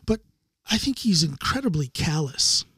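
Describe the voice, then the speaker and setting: A man's voice: fairly high pitch, sing-song, moderate pace, fairly bright tone, slightly rough, no room sound, studio quality. A man hosting a podcast in casual conversation, rambling and thoughtful with restarts. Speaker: podcast host.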